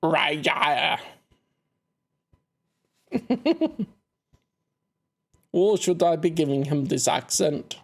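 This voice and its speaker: A woman's voice: fairly low pitch, sing-song, slow pace, long pauses, mellow, husky. A woman chatting casually as she plays a game, reading its text aloud with wry remarks. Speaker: streamer playing a game. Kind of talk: casual let's-play commentary.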